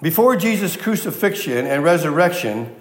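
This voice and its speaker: A man preaching in a big, reverberant hall, his somewhat high voice carrying with a long echo. He teaches emphatically, repeating his key words and putting questions to the listeners. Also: sing-song, normal speed. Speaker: pastor. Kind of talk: sermon.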